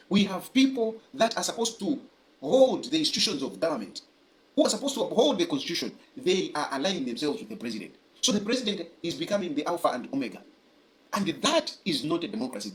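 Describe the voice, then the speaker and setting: A man giving forceful political commentary, repeating his points for emphasis. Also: fairly high pitch, rough recording. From Zambia.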